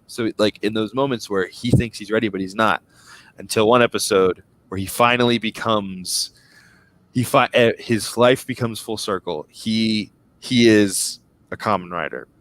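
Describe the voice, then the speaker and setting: Rambling, excited young man. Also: fairly low pitch, normal speed. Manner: rambling, enthusiastic, trips over his words. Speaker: podcast co-host. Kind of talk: casual fan podcast chat.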